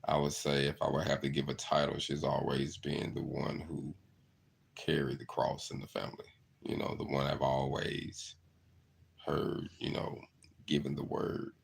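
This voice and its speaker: A man's voice: rumbling low, creaky, breathy edge. A middle-aged man, earnestly telling stories in a reflective monologue. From southeast Arkansas. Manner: earnest, storytelling, repeats "you know". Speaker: channel host.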